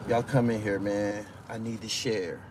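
A man's voice: on the low side, steady tone, a little slow, noisy background. A man hosting a casual live stream, talking loosely and with profanity as he reads out viewer comments and gives his take. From Brooklyn, New York.

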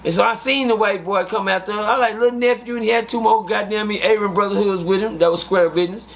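A man, an interview guest, telling prison stories in a profane, animated way and acting out the dialogue. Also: sits high, fast. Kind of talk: casual storytelling.

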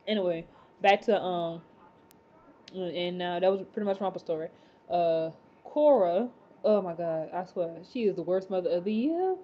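A woman casually recapping a TV episode, rambling with many fillers and excited exclamations. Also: mid-range voice, moderate pace, highs cut off. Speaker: TV episode reviewer.

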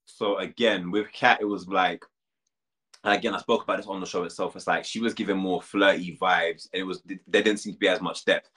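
Young British man, deep voice, rapid talk, casual interview, frank. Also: steady tone, a bit bright. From United Kingdom. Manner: candid, quick, uses many fillers and restarts. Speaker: reality show contestant, guest.

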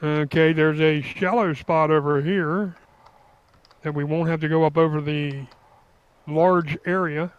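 A man's voice: on the high side, steady tone, unhurried, clear, resonant tone, muffled recording. A man in easygoing, jokey casual chat while playing a game with friends. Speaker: fellow player.

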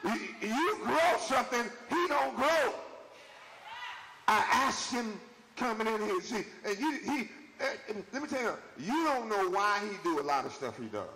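A man preaching a live sermon as bishop, building into shouted, repetitive preaching cadences with the congregation answering. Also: high-pitched, sing-song, unhurried, long reverb tail. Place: church sanctuary with congregation. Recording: noisy live church recording.

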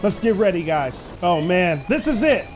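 A man hosting excited gameplay commentary, talking to his viewers and shouting when the action peaks. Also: high-pitched, normal speed, music in the background. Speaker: gaming host.

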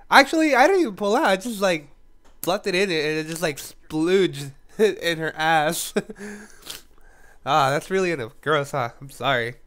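A man's voice: on the high side, expressive, a little slow, fairly bright tone. Stuffy-nosed man laughing through a story. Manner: rambling, giggly, laughs often between words. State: stuffy nose and coughing from a cold. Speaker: YouTube gaming commentator. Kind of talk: casual storytelling commentary.

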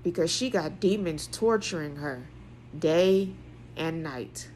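A woman in an emphatic, preaching monologue. She repeats phrases for weight and swings between a hushed tone and a loud one. A faint hiss sits under her voice. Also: low-pitched, lively intonation, slow pace. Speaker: vlogger.

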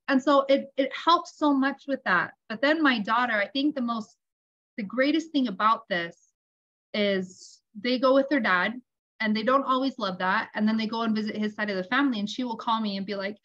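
A woman telling family stories in an online interview, animated and acting out the dialogue she quotes. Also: fairly high pitch, brisk, lo-fi sound. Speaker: tapping practitioner guest.

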